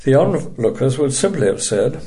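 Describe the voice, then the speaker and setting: A man teaching a recorded Bible study lecture, measured and emphatic, dryly dismissive of opposing views. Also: medium pitch, big pitch swings, mellow.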